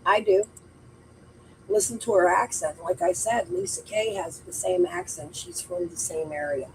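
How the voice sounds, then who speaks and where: A woman's voice: fairly low pitch, animated, moderate pace, gravelly, darkish tone, a little hiss or hum, poor audio. A woman hosting a true crime livestream, talking casually in a blunt, emphatic way and swearing often. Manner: blunt, heavily profane, emphatic. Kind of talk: casual chat.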